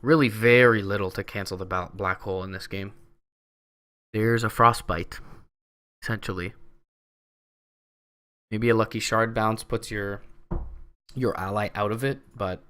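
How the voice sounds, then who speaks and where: Canadian guy casting esports by himself, slightly low voice, laid back, lots of "you know". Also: measured pace, long pauses, clean tone. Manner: chatty, relaxed analysis with fillers. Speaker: esports caster. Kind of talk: solo play-by-play commentary.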